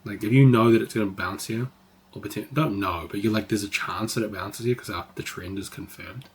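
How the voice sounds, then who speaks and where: A man's voice: fairly low pitch, a little fast. A man teaching trading on a live stream, talking casually, swearing freely and saying "like" a lot. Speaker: trading educator.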